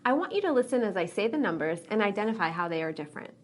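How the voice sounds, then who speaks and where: A woman teaching English pronunciation in a scripted lesson, reading example sentences slowly and carefully enunciated. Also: medium pitch, big pitch swings.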